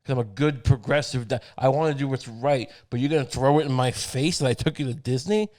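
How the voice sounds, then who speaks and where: A man's voice: medium pitch, a little fast, darkish tone, natural voice. Man plays a dying father, selfish and scolding, cursing at his little son. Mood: angry. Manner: exasperated, guilt-tripping, profane.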